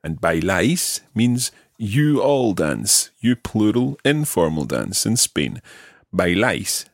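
In language-lesson drills, a very animated man with a voice on the low side patiently teaches Spanish, modelling verb forms and stress slowly for the learner to say back. The studio recording is clean and echo-free.

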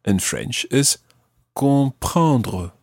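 A man hosting a podcast language lesson, patiently prompting a learner and slowing down for example phrases. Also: medium pitch, animated, dry recording, studio quality. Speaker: language teacher and podcast host.

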